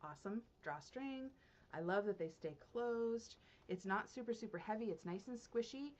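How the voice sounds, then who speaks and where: Knitting vlogger, woman, mid pitch, gushy and excitable, slightly muffled recording. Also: normal speed. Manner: gushing, excitable, laughs often, swings from hushed to loud. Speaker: knitting podcast host. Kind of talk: casual unboxing chat to viewers.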